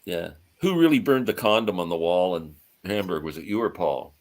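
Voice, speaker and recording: Male host, live-stream chat, very deep voice, lively intonation, enthusiastic, laughs a lot. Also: normal speed. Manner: enthusiastic, laughs often, reads out viewer comments.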